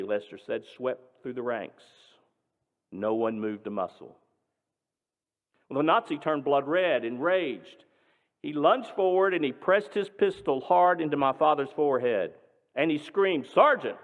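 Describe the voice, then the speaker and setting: A male pastor tells a story in a sermon, speaking dramatically and emphatically, with his voice moving between loud and hushed. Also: mid-range voice. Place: synagogue sanctuary. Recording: tinny, echoing hall.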